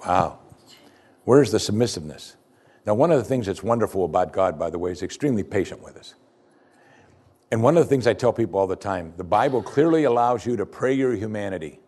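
A male pastor preaching with lively, swinging pitch. He fires off questions one after another, then drops to a low, quiet voice to drive a point home. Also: a little fast, husky. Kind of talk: sermon.

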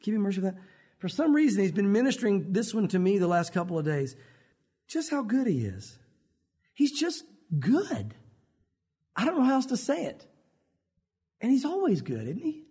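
A man preaches with a high, somewhat husky voice. He keeps it conversational and animated, slipping into little acted-out quotes as he goes. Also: normal speed, pauses often. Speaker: pastor. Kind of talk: sermon.

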